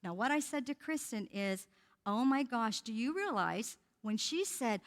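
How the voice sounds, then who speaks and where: Older woman speaker, fairly high voice, earnest storytelling, church hall with long reverb. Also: expressive, a little slow. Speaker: guest speaker on human trafficking. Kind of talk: church talk. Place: church sanctuary.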